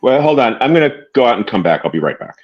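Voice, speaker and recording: A man's voice: medium pitch, sing-song, fast talker, lo-fi sound. A man joining a livestream as a guest, playful and a bit unsure. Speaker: stream guest. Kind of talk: casual chat.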